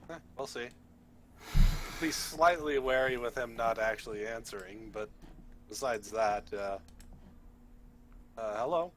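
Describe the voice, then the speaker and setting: A man playing in a tabletop role-playing game, talking haltingly and thinking aloud with many pauses. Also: medium pitch, fairly bright tone, a little hiss or hum. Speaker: player.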